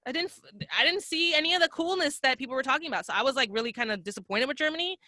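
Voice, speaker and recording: Young woman guest, casual storyteller, swears freely, plays out quoted voices; tone sits a bit high, close and dry. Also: racing, no room sound. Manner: profane, animated storyteller who acts out quoted voices. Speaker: podcast guest. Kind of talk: casual chat.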